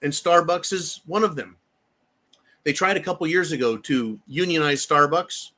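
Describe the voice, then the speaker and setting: A man's voice: a little high, moderate pace, sharp tone. A man hosting heated political commentary, ranting angrily with profanity and repeating phrases for emphasis. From United States.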